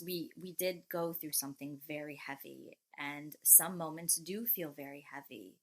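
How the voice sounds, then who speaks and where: A woman in her thirties, a mother of three, speaking as an interview guest in a reflective, measured way and pausing to rephrase. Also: on the low side, fairly bright tone, poor audio. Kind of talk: heartfelt interview conversation.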